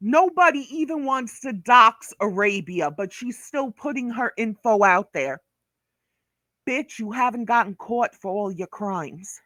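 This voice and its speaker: Slow, blunt New woman ranting. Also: a little high, expressive, a bit bright, dry recording, studio quality. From Brooklyn, New York. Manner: blunt, profane, scolding. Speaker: vlogger. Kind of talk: ranting commentary vlog.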